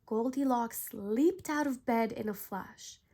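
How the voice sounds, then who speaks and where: A woman narrating a bedtime story in a calm, gentle way. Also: on the high side, slow.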